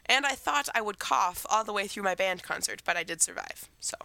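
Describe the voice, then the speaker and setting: A girl in her teens co-hosts a podcast and wanders through casual talk about her week while shaking off a cold. She talks a little fast in a mid-range voice with lively intonation, vocal fry and a sharp tone, recorded without echo.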